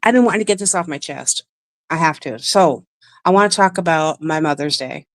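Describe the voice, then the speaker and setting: A woman's voice: sits low, expressive, fairly quick, a little hiss or hum. A woman hosting a livestream, telling a personal story in a rambling, emotional way and breaking off to greet chat viewers. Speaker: livestream host.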